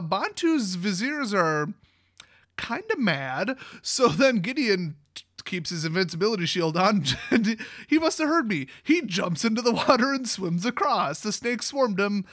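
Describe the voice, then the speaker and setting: A man with a high voice recaps a fantasy tale in a sarcastic, mocking way, breaking into laughter often. The sound is close and dry, with no room around it. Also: a bit bright, no room sound. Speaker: card game channel host.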